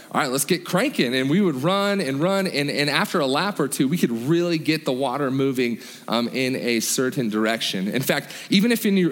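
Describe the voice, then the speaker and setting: Man, pastor, sermon, middle pitch, emphatic repetition, fillers and restarts, church hall with long reverb. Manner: earnest, repeats phrases with emphasis, frequent fillers and restarts.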